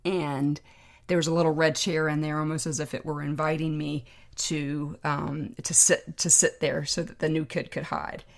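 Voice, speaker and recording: A woman, a podcast guest, telling a personal story in a reflective, heartfelt, measured way. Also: low-pitched, level tone, gravelly.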